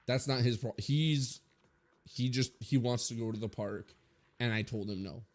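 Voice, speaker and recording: A man's voice: mid-range voice, normal speed, faint music behind. A man in his twenties giving a blunt, rambling opinion rant full of swearing, as a streamer talking to his viewers.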